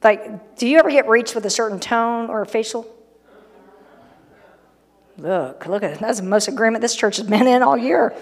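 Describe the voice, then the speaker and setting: A woman's voice: fairly high pitch, normal speed, pauses often, big-room sound. A middle-aged woman preaching a sermon in a church, talking in a conversational, humorous way and acting out the people in her stories. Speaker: pastor. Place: church sanctuary.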